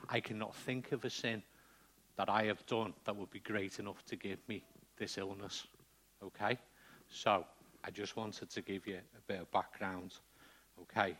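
A man's voice: lowish voice, fairly even intonation, normal speed, pushed and bright. A man preaching a sermon in a conversational way, often checking in with the congregation.

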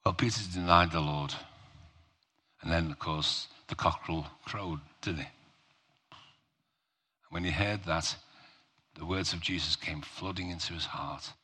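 Male preacher, very low voice, bright tone, slow emphatic sermon. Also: breathy edge. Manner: slow, emphatic, conversational preaching with rhetorical questions.

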